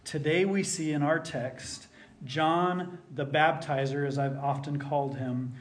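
A middle-aged male pastor whose speaking voice sits a touch higher than most men's. He preaches in an easy, conversational way, folding homey personal stories and self-deprecating asides into the message. His manner is earnest and folksy. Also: steady tone, a little slow.

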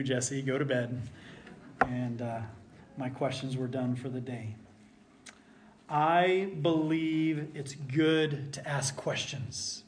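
Man, middle-aged, pastor, slightly high voice, conversational sermon, folksy, earnest storytelling. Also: slight background noise. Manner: earnest, folksy storytelling with self-deprecating asides. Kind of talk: conversational sermon with personal stories.

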